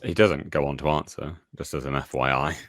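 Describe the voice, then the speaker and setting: A man co-hosting casual political commentary, emphatic and deliberate, repeating points for effect. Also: extremely low pitch, steady tone, fairly bright tone, no room sound, clean studio sound.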